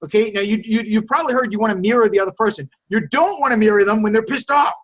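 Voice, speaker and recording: A man coaching a group call on lowballing, energetic and coaxing, often repeating words. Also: fast. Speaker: sales coach and host. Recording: dull lo-fi call audio.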